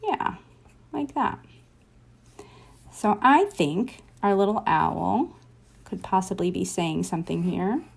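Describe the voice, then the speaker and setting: A woman's voice: on the low side, expressive, unhurried, creaky, slightly rough. Chatty woman teaching a drawing lesson. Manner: chatty and encouraging, thinks aloud while sketching. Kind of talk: casual drawing tutorial.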